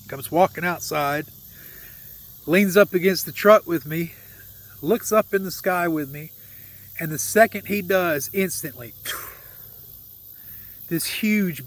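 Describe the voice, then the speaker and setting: A man telling a personal faith story in an earnest, heartfelt and emotional way. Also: on the high side. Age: adult with a young son. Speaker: vlogger sharing a faith testimony.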